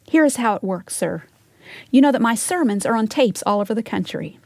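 A woman teaches from the Bible in an earnest, measured voice that sits a little high. She leans into key phrases and sometimes sinks to a soft whisper. The recording is close and dry, with no room sound. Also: animated, dry recording.

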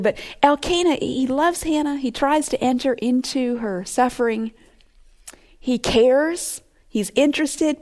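Earnest woman teaching from scripture. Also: a little high. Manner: earnest and expressive, sometimes dropping to a hush. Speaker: Bible teacher. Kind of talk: expository Bible teaching.

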